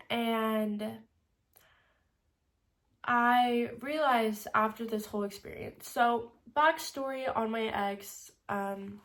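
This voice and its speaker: A woman in her early twenties tells a personal story in a casual confessional vlog, emotional and close to tears, laughing through it, with many "like" fillers and soft trailing endings. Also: fairly high pitch, steady tone, slow, pauses often. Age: 20s. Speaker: vlogger.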